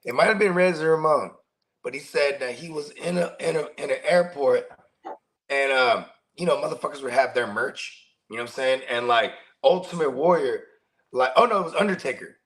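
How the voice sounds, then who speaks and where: A man's voice: mid-range voice, a little fast, fairly bright tone, poor audio. A man co-hosting a podcast, telling long stories in casual, profane chat full of slang. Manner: profane, rambling storyteller with slang. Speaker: co-host.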